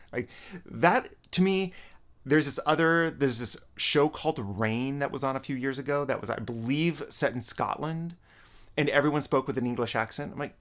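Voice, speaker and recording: A man's voice: medium pitch, moderate pace, fairly bright tone. A man in casual, rambling talk about the games he is playing, often restarting his sentences. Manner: rambling, self-correcting, frequent restarts. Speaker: gaming vlogger. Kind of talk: casual gaming commentary.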